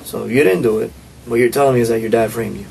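A man's voice: mid-range voice, fairly even intonation, very fast, gravelly, mellow, slight background noise, poor audio. A man working as a detective, pressing and accusing in a police interrogation.

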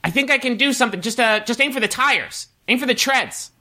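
A man doing a brash high-voiced woman driver. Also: animated, fairly quick, bright, forceful tone. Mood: urgent.

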